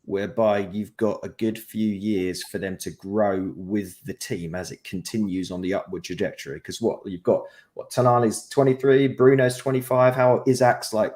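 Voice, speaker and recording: A relaxed man chatting about football as a podcast guest. His voice sits fairly low and he works his thoughts out aloud. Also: moderate pace, hardly any pauses. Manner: laid-back, thinking aloud. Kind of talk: casual football chat.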